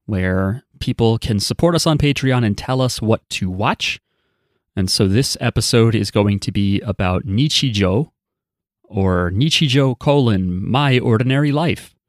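A man's voice: lowish voice, unhurried, dry recording. Dry-joking man hosting a podcast. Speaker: podcast host. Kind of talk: casual chat.

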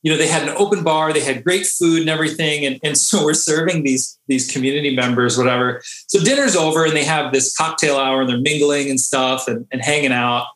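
A man who is a Navy diver, a podcast guest telling a story in a casual, animated way and often laughing. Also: fairly high pitch, fairly quick, hardly any pauses. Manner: animated, laughing, acts out quotes. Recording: echoey room.

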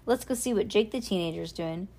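A woman reading aloud and voicing a spunky, curious young girl with a brisk, eager way of talking. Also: mid-range voice, warm tone, lightly acted.

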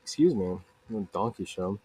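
Alone on his podcast, recorded dry in a makeshift home vocal booth, this man wanders off on tangents, mocks himself, and mimics others with put-on voices. His low-side, dark, slightly rough voice is lively in intonation and a little fast.

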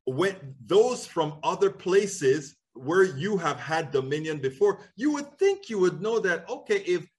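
A male host from Panama speaks in a fairly high voice with a lively, swinging pitch. He is conversational and thinks aloud on a political talk show. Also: a little slow, few pauses.

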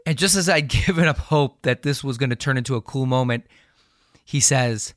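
A man with a mid-pitched voice co-hosts a podcast in a quick, chatty, easygoing way. The sound is dry and close, like a studio mic with no room around it. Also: no echo. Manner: quick, chatty storyteller who laughs easily. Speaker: podcast co-host. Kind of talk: casual podcast chat.

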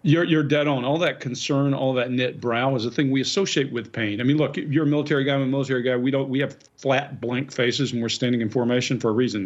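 A man, a body language expert, briskly explaining facial expressions on a news segment. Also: mid-range voice. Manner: explains briskly, points out details. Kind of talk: analytical commentary on video. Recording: dull lo-fi remote audio.

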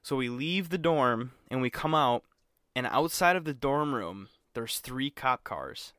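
A man's voice: medium pitch, lively intonation, a little slow, fairly bright tone, smooth, no echo. A young man co-hosting a podcast, telling a college story in casual chat, acting out quotes and swearing freely. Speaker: podcast co-host.

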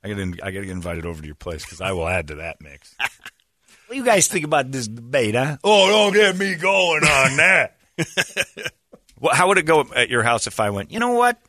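A man's voice: mid-range voice, sing-song, fairly quick, fairly bright tone, dry recording, clean studio sound. A man hosting a casual chat, rambling and joking, laughing often at his own bits.

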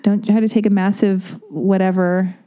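A woman's voice: medium pitch, level tone, normal speed, warm tone. Rambling, candid woman podcast host. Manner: candid, rambling, self-deprecating. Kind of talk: casual podcast chat.

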